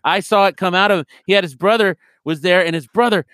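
A man's voice: sits high, a little fast, no room sound, studio quality. A man talking as a podcast guest in casual chat, profane and rambling as he tells stories. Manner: profane, rambling, animated storyteller.

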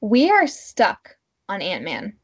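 A woman co-hosting a podcast in casual chat, relaxed and agreeable, with lots of fillers as she talks. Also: medium pitch, takes it slowly, husky. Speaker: podcast co-host.

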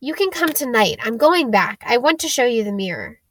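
A woman reading the part of an eleven-year-old boy wizard in an audiobook, with urgent, hushed and excited lines. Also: fairly high pitch, a little fast. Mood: earnest.

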